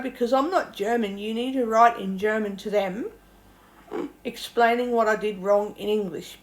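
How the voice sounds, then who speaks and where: A casual, rambling woman from Australia chatting about her language lessons and swearing freely. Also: medium pitch. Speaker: language learner vlogger. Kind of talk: casual chat.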